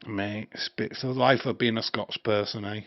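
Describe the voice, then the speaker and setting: An English man with a lowish, fairly even voice talks briskly while hosting a casual live watch-along stream. He rambles, cracks crude jokes and laughs often, captured on a dry, slightly dull stream mic.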